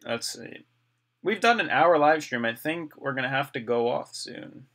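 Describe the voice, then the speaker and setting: A man chatting through a long live stream, reading out viewer comments and answering each one. His voice has a bright, forceful edge, and it is getting a little dry from so much talking. He sounds like he is at a desk mic at home. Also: mid-range voice, lively intonation, moderate pace. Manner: chatty, reads viewer comments aloud and replies.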